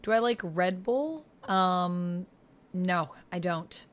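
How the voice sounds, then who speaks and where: A woman's voice: on the low side, slow pace. Woman streamer, casual gaming chat, reads out comments, encouraging replies. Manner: reads viewer comments aloud and answers them; encouraging, supportive.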